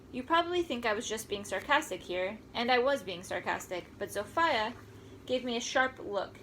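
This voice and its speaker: A woman reads a first-person story aloud, wry and conversational in tone. Her voice sits fairly high for a woman. A faint background hiss lies under the reading. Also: animated, moderate pace, bright, forceful tone, poor audio. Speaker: audiobook narrator.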